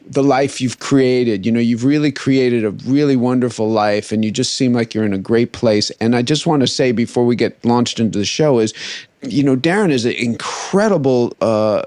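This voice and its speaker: A man co-hosting a podcast, telling stories in a halting way, with many restarts and fillers. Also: medium pitch, darkish tone, dry recording. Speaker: podcast co-host. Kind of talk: casual chat.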